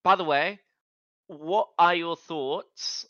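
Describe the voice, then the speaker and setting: A man co-hosting a casual online podcast discussion, animated and prone to stammering restarts. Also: on the high side, slow pace, dry recording, muffled recording. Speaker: podcast co-host.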